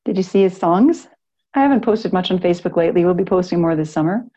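Mellow middle-aged woman teaching a class. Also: on the low side, expressive, quick pace, dull audio. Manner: earnest, rambling, with frequent restarts and laughs. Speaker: yoga and retreat teacher. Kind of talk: talk to a live class.

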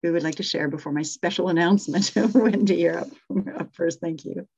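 A woman's voice: on the low side, fairly quick, breathy edge. Soothing woman leading meditation, lo-fi call. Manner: gentle, soothing guidance that turns bubbly and excited. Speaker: meditation teacher leading an online group. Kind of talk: guided meditation and group sharing on a video call. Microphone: video call. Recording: dull, lo-fi video call audio.

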